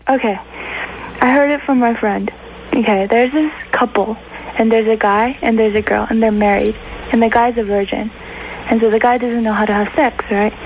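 A giggly female caller with a slightly high voice rambles hesitantly down a dull, lo-fi phone line. Faint noise hangs behind her. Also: steady tone, moderate pace. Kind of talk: phone-in chat and joke telling.

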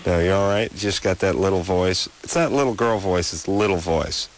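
A man's voice: low voice, brisk, a little hiss or hum. A man co-hosting a late-night call-in radio show, joking bluntly and riffing, with a sore throat and stuffy nose. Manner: joking, blunt, rambling riffs. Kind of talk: casual comic radio banter.

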